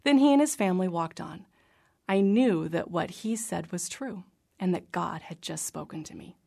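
A woman reading her personal faith memoir aloud in an earnest, reflective manner, sometimes dropping to a soft whisper. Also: fairly low pitch, vocal fry. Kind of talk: scripted narration.

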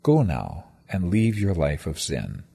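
A man reading a quiet, gentle teacher. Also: low voice, wildly swooping pitch, takes it slowly, creaky, husky, full character voice. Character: calm male teacher, gentle and kind.

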